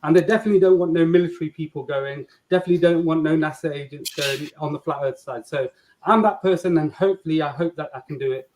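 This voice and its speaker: A man with a Nottingham English accent explaining his views at length, steady and earnest. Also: fairly high pitch, quick pace, poor audio. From England. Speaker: guest.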